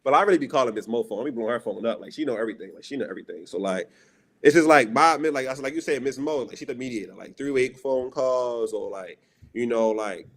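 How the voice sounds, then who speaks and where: A man's voice: mid-range voice, quick pace. A young man in his early twenties in casual chat, talking in a laid-back, slang-heavy way. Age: young adult.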